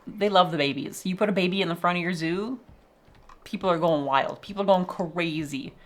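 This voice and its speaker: Her lowish voice moving a little fast, a young vlogger chats casually about her zoo game, cursing and laughing frequently as she shows it off.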